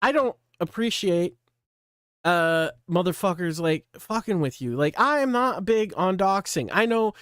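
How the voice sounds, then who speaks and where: High-voiced man ranting bluntly. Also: expressive, unhurried, fairly bright tone, smooth, no room sound, studio quality. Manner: blunt, scolding, heavy swearing. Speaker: channel host. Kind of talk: profane ranting commentary.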